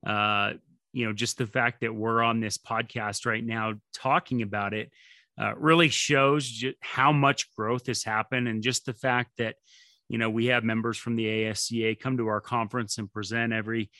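Podcast host: thoughtful man, tense bright tone, dry sound. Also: mid-range voice, steady tone, moderate pace, no room sound. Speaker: podcast host, strength coach. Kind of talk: casual podcast conversation.

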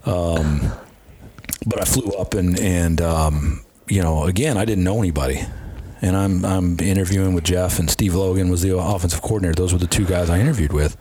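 Speaking fairly quickly in a low, warm voice, a middle-aged man recounts his career as a strength and conditioning coach during a relaxed interview. He tells the stories earnestly and plays out old conversations, with a faint hiss or hum on the audio.

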